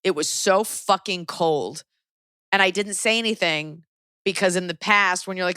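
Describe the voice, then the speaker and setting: Opinionated lady host chatting, kinda low voice, super dry close mic. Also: clear, resonant tone, no echo. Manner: opinionated, animated, quick asides. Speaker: podcast host. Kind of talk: casual chat.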